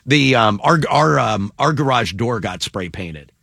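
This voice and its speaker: Gravelly, animated male radio host. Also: mid-range voice, measured pace, no room sound, clean studio sound. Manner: animated, laughing, banters with co-hosts. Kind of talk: casual radio chat.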